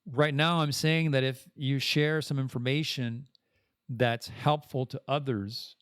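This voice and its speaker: A man from Canada hosting a casual podcast monologue, rambling and self-deprecating, with animated swings in his voice. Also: medium pitch, measured pace, clear, resonant tone, no room sound, clean studio sound. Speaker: podcast host.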